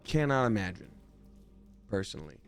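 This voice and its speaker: A man's voice: fairly low pitch, big pitch swings, moderate pace, faint music behind. A man giving live gameplay commentary as a streamer, chatty and jokey, thanking viewers from chat as he plays.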